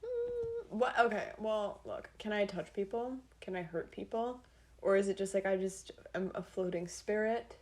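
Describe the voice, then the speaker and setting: A woman's voice: mid-range voice, moderate pace, darkish tone. A young woman co-hosting a casual podcast, giggly and self-deprecating. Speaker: podcast co-host. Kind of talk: casual banter.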